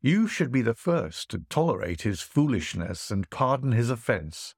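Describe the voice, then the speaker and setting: A polite, quick-witted poor guest, voiced by a man who answers with humble courtesy. The delivery is lively and the sound dry and close. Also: mid-range voice, dry recording. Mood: courteous. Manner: deferential, courteous replies. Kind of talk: storytelling voice acting.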